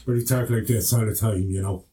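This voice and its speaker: Cockney guy telling stories, lowish voice, sits back from the mic, keeps saying yeah?. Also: fairly even intonation, fast talker, noisy background. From England. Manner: chatty, tag questions like "yeah?". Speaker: podcast guest. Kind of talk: casual chat, storytelling. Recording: from a distance.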